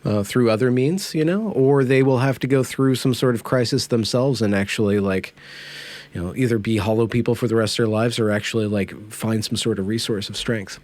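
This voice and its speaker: A man hosting a conversation podcast, speaking thoughtfully and searching for words with many pauses and fillers. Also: medium pitch, darkish tone. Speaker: podcast host. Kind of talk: casual conversation.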